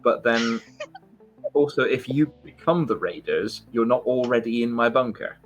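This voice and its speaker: A man's voice: mid-range voice, normal speed, soft background music. A man chatting on a video call with friends, wry and crude. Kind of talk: casual group chat on a video call.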